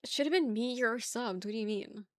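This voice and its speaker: A woman's voice: on the high side, brisk, no echo, clean studio sound. A young woman from the New York area chatting casually with her stream chat, joking, laughing and rambling.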